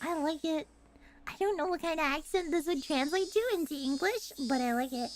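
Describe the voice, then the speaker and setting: Giggly high-voiced woman gushing. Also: fairly quick, slight background noise. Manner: giggly, gushing, apologetic asides.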